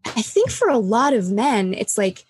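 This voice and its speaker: A fairly high, sing-song, husky voice carries this woman's casual talk, delivered a little slowly on a dry recording. She reflects candidly, uses plenty of "like," and acts out the quoted dialogue.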